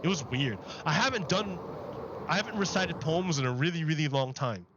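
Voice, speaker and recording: A man's voice: fairly high pitch, brisk, lo-fi sound, background noise. A man chatting casually on a livestream while gaming, rambling and filling his talk with "like". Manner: rambling, heavy use of "like".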